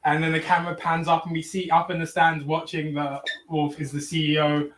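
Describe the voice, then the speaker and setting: A woman improvising on stage, loudly narrating camera moves and playing characters. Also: low-pitched, level tone, a little fast, far from the mic, slight background noise. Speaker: improv performer. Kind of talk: improv narration and scene work. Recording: echoey stage audio from afar.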